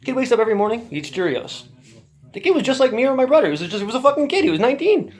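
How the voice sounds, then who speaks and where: A man's voice: extremely high pitch, racing. A man telling a rambling story as a podcast guest, swearing often and ranting with energy. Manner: profane, animated ranting.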